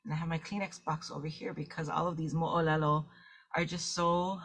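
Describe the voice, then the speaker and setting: A woman hosts an online gathering while teary-eyed. Her voice is very low, and she talks haltingly with lots of "um"s. She is on a video call. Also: fairly even intonation, a bit bright, breathy edge. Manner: halting, with many fillers. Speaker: host. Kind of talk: casual online gathering hosting.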